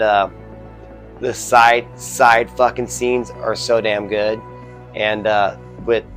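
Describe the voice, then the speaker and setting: A man casually reviewing a horror film, rambling, swearing constantly, full of "you know" and "uh" fillers. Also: fairly low pitch. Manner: rambling, heavily profane, filler-laden.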